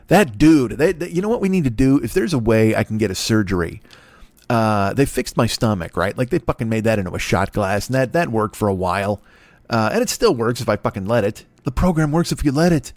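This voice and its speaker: A man's voice: medium pitch, expressive, fast talker, dry recording. A man in his forties hosting a comedy podcast, rambling through a profane, self-deprecating monologue. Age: 40s.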